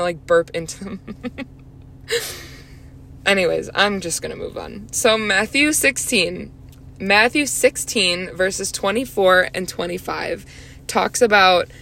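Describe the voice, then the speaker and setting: A woman's voice: fairly low pitch, gravelly, fairly bright tone. A young woman hosting a solo faith podcast, talking in a chatty, earnest way with many fillers. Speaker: podcast host.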